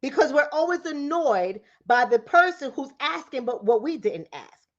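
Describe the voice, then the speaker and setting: Bronx-raised woman, New York accent, high voice, rapid and preachy, direct-to-camera, dull lo-fi audio. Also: big pitch swings. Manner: fast-talking, preachy, rhetorical questions to viewers. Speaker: relationship coach and commentator.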